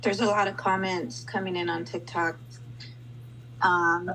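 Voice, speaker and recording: A woman calmly reading out viewer comments during a casual chat. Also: fairly low pitch, a little slow, long pauses, slight background noise, poor audio.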